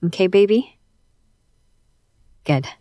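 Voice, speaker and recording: A woman performing a romantic audio role-play, speaking softly and intimately to a listener, bossy at times and doting at others. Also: mid-range voice, lively intonation, slow pace, no echo.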